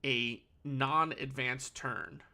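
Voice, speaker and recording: A man's voice: mid-range voice, steady tone, extremely slow, sharp tone. A man calling a card game tournament solo, analytical and thinking aloud, correcting himself as he goes. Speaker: tournament caster.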